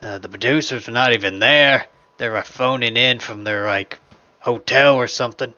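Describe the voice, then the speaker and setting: A man playing in a tabletop game, recapping the last session in a slow, hesitant way with many fillers. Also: mid-range voice, bright, forceful tone, dry recording, dull audio. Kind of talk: casual recap.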